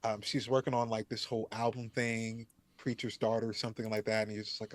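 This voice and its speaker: A man narrating a tabletop role-playing game as game master, pausing often with ums as he thinks. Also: fairly low pitch, little pitch movement. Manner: slow, hesitant, many ums.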